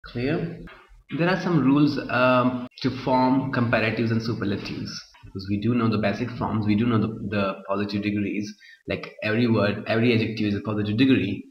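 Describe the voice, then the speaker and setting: A man with a lowish voice, fairly even intonation and a slightly fast pace teaches a grammar lesson, repeating his points and constantly asking the class "Clear?". The recording is muffled and echoey, with his voice drifting away from the mic.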